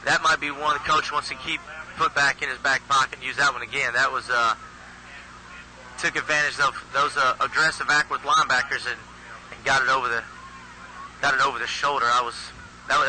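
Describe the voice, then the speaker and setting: A man's voice: mid-range voice, steady tone, a little fast, bright, forceful tone. A man doing live play-by-play commentary at a youth football game, chatty and folksy, often restarting his phrases. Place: outdoor football field. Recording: noisy outdoor field recording.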